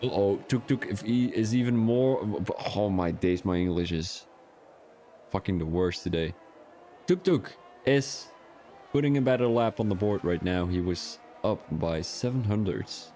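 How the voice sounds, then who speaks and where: Young male streamer, casual race commentator bantering with chat, lower voice, faint background noise. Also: measured pace, dark tone. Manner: casual, joking, chats with viewers while commentating. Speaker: sim racing stream commentator.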